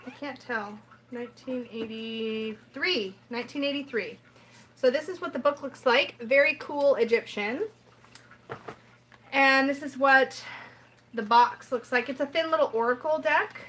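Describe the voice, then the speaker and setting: A woman's voice: high voice, measured pace, fairly bright tone, a little hiss or hum, low-quality recording. A woman hosting a casual livestream, chatting in a rambling way and reading out viewer comments. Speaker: tarot livestream host.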